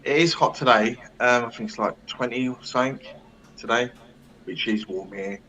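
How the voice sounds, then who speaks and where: British male guest, bright tone, slightly snuffly, cheeky casual banter. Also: mid-range voice, moderate pace, highs cut off. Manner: joking, cheeky, casual slang. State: snuffly from hay fever. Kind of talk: casual interview chat.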